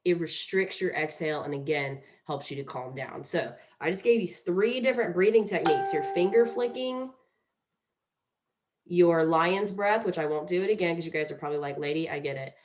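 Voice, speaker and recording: A woman's voice: on the low side, normal speed. Chatty woman teaching breathing exercises. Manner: chatty, playful, demonstrates breathing exercises aloud. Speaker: mindfulness instructor. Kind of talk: casual instructional talk.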